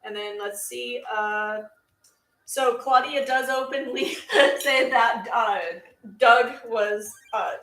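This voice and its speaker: A woman's voice: on the high side, steady tone, slow, fairly bright tone, roomy sound, low-quality recording. A woman co-hosting a podcast, chatting casually and reading out viewer comments in an upbeat way. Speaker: podcast co-host. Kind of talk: casual live-stream chat.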